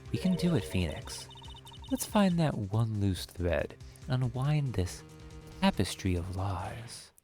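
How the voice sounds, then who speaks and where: Man voicing a calm, encouraging woman mentor. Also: fairly low pitch, slow, faint music behind.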